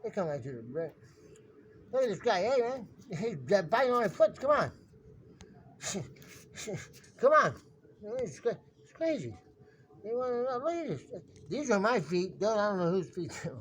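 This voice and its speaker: Holding his phone in one hand on an outdoor pavement, a male vlogger chatters away to the camera, saying things more than once and addressing the birds. He has a high, sing-song voice at normal speed, with slight hiss or hum in the audio.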